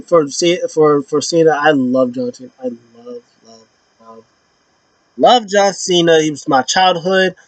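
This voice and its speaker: A young man giving a casual, animated wrestling recap in slangy talk, now and then acting out the wrestlers in a pitched-up voice. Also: no room sound. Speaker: wrestling show reviewer. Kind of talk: casual opinion vlog.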